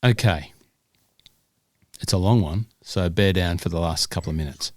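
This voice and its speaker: A man's voice: low-pitched, normal speed, no room sound, studio quality. A man, co-hosting a podcast. He chats casually with self-deprecating humor and reads quiz questions aloud. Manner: self-deprecating, chatty, with hesitant fillers. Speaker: podcast co-host.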